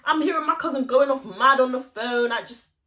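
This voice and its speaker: A young woman telling a story to camera in a casual, animated way, full of slang and swearing. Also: sits high, fairly quick, a crowd in the background. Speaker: vlogger. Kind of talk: casual story time monologue.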